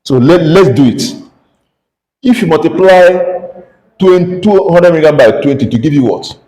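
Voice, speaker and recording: A man with a Nigerian English accent teaches a pharmacy calculation lesson, pitching his voice somewhat high. He keeps asking the class "what?" to have them finish each step aloud. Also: expressive, normal speed, dark tone, poor audio. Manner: call-and-response questioning, asks "what?" constantly. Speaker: pharmacy lecturer. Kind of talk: classroom lecture.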